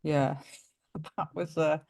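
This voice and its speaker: A woman's voice: deep voice, takes it slowly, creaky. A woman, a primary teacher of Greek descent, telling stories in a casual interview and acting out the dialogue. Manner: animated storyteller, acts out quoted dialogue, laughs often. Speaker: guest teacher.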